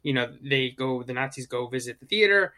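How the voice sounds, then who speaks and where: A man co-hosting a casual movie chat, rambling with lots of fillers and animated asides. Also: medium pitch, a little fast. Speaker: podcast co-host.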